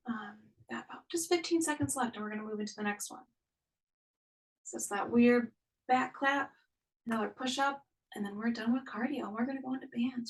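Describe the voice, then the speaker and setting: A young woman teaching a live online fitness class keeps things upbeat, encouraging participants and counting down each interval. Her voice is a little high with a fairly bright tone, while the recording is rough and she sits far from the mic.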